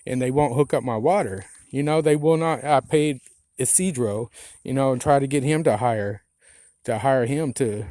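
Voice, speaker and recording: A man's voice: mid-range voice, normal speed, mellow, dry recording. A man filming himself outdoors on his rural land with a phone, ranting angrily with profanity and many rambling "you know"s. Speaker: property owner filming a complaint. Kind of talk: angry handheld vlog rant.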